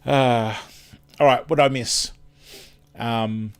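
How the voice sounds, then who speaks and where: A man's voice: medium pitch, steady tone, slow pace, clear, resonant tone. An Australian man hosting a live stream in casual chat, rambling and chatty, often losing his words and starting over.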